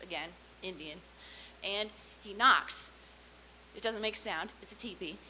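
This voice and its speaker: Young female stand-up comic, sarcastic storyteller with a bright, slightly high voice, faint hiss on the tape. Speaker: stand-up comedian. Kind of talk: stand-up comedy set.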